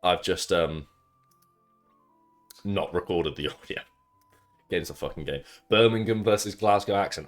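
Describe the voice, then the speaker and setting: A young man with a low, deep voice talks casually to his livestream chat from his home setup. He rambles between tasks, swears freely and teases the viewers in an offhand way. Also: a little slow, long pauses, soft background music.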